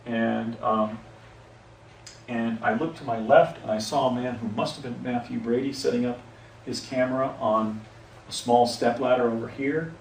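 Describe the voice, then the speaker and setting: This man's gravelly mid-range voice holds a steady tone at a moderate pace as he tells a personal story outside, unscripted and rambling, often halting to self-correct and start over. Slight background noise, faint ambience, and roomy echo come through the distant microphone.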